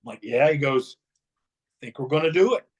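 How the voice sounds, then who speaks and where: The man's medium-pitched voice carries a breathy edge, and his pace is normal. He's a middle-aged former wrestler in an interview, telling stories and lively voicing the people who appear in them.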